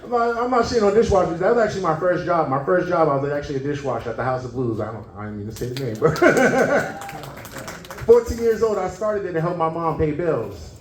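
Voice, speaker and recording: A man's voice: on the high side, a little fast, slight background noise. A man performing a stand-up comedy set, telling stories and acting out the people in them. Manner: storytelling, acting out characters. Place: comedy club stage with live audience. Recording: roomy, distant room recording with crowd laughter.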